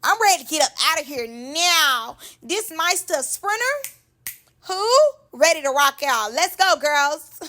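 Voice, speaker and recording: A woman putting on the voice of a brash, defensive woman hosting a reality show, loud and sassy. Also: high voice, animated, a little slow, voice pushed up, heavily acted. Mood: hyped. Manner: loud, sassy, talks down to others.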